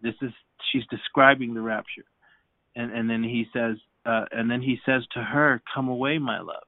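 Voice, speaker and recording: A man's voice: mid-range voice, level tone, normal speed, no room sound. Man, Bible study leader, fervent preaching, repeats himself, dry tinny phone-line sound.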